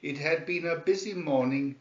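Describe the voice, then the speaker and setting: A man reading a children's storybook aloud in a slow, measured way. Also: a little high. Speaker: storybook reader. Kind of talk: read-aloud storybook narration. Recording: roomy, dull lo-fi sound.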